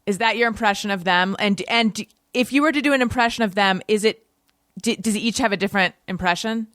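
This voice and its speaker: A woman hosting a casual interview, relaxed and quick to laugh. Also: mid-range voice, no echo, clean studio sound. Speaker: host.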